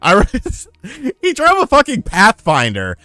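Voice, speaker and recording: A man's voice: very high voice, takes it slowly, dry recording, soft background music. A man streaming live, telling rambling, profane stories in casual chat. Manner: profane, rambling, animated storyteller. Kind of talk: casual storytelling on a livestream.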